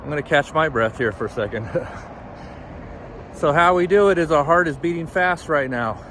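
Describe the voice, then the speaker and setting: A man's voice: fairly high pitch, fairly quick, a bit bright. Upbeat man vlogging on a walk. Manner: upbeat, motivational, talks while walking and jogging. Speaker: fitness and mindset vlogger. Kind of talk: motivational walking vlog. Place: outdoor trail beside a busy road. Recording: clear traffic noise outdoors. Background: traffic noise.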